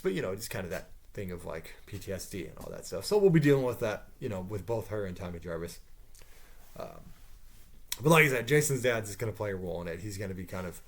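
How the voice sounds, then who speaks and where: Rambling low-voiced man pitching a film. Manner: rambling, full of asides and mild swearing. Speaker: YouTuber pitching a movie idea. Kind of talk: casual off-the-cuff monologue.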